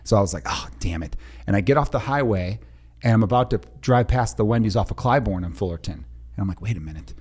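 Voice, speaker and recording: A man's voice: on the low side, fast talker. A man, a comedian guest, telling a comic anecdote with animation and acting out the voices in it. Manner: animated, acts out voices in his stories. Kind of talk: comic storytelling in chat.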